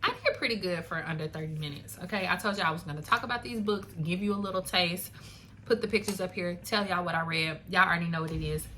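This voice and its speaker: Chatty young woman, bright voice. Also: lowish voice, quick pace, a little hiss or hum. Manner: chatty, animated, laughing asides, lots of "like" and "y'all". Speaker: book reviewer. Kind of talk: casual chat. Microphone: phone camera.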